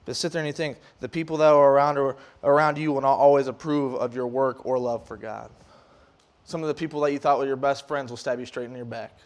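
A man with a mid-range voice preaches quickly and loosely to young people, restarting sentences and using fillers. He's animated, putting on the voices of scoffers.

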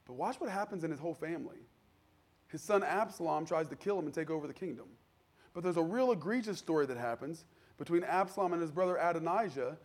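High-voiced preacher man, conversational. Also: expressive, fast talker. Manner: conversational preaching, acts out quoted voices, builds to shouting. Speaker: pastor. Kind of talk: sermon.

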